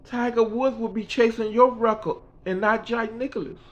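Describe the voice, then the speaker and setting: Man doing a tearful older woman golfer, emotional and pleading, high-pitched, muffled lo-fi. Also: steady tone, normal speed. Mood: amazed. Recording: dull lo-fi recording.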